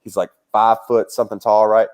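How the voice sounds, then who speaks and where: Man, young adult, comedian guest, casual storytelling, swearing, animated. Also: fairly quick, smooth. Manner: animated, swearing, jumps into high voices for quoted people.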